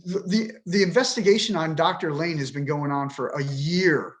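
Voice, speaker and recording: A man's voice: a little high, moderate pace. A man in his fifties, a podcast guest, talking with frustration and swearing bluntly as he vents. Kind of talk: emotional interview talk.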